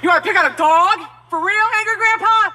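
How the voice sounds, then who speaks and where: A woman trades insults in a heated argument, taunting and aggressive. Her voice is very high, and clear background noise runs under the recording. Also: quick pace, bright, forceful tone. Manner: taunting, trash-talking, aggressive. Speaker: angry neighbor.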